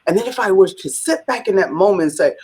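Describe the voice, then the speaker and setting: Woman, husky voice, mid pitch, animated interview storytelling, acts out quotes. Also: fast talker. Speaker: business leader, interview guest.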